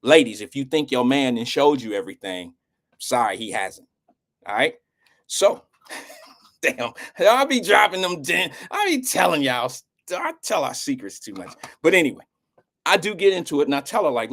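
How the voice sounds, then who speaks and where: A man's voice: mid-range voice, big pitch swings, normal speed, fairly bright tone. A middle-aged man hosting a live show, telling a rambling, slangy and emotional story in casual talk.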